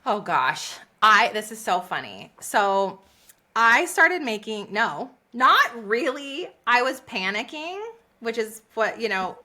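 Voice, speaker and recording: Bright, animated woman telling her story. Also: fairly high pitch, takes it slowly. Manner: animated, laughs often, acts out quotes. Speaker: podcast guest, business coach. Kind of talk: conversational interview storytelling.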